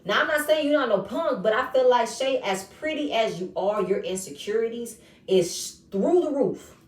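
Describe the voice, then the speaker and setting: A woman recapping a reality show episode in casual, animated commentary, acting out the quoted lines in changing voices. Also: on the high side, normal speed, far from the mic. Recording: echoey room, voice set back from mic.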